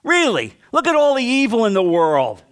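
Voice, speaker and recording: A male preacher putting on a low, sly voice for a crafty serpent tempter in a sermon. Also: huge pitch swings, moderate pace, fairly bright tone, clear, resonant tone, heavily acted. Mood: mocking.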